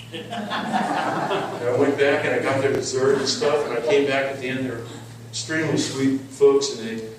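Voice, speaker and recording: A man's voice: medium pitch, slight background noise. A middle-aged man giving an emphatic sermon testimony, telling his story and repeating words as he goes. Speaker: preacher. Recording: echoey hall, mic at a distance.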